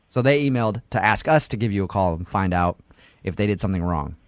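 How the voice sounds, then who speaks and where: A man hosting a morning radio segment, brisk and teasing. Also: fairly low pitch, animated, clean tone, no echo. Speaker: radio host.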